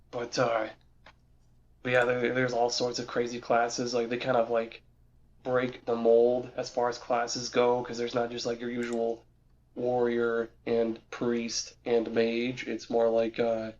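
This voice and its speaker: A man's voice: mid-range voice, completely flat delivery, slow pace, a little mellow, a little hiss or hum. Rambling young man on a dull recording. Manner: rambling, many restarts and fillers. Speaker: podcast co-host. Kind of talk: casual chat.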